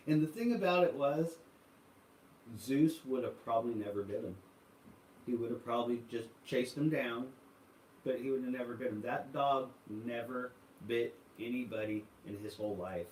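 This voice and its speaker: A man's voice: medium pitch, lively intonation, moderate pace, a little mellow. A man hosting a casual livestream, telling rambling stories full of fillers and reading viewer comments aloud. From United States. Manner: rambling storytelling with many fillers. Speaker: livestream host. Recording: echoey room, voice from far off.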